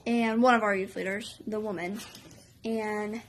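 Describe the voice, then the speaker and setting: A woman telling a story on her vlog in an excitable, chatty way, full of "like" and "um". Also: mid-range voice, unhurried, slight background noise. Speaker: vlogger.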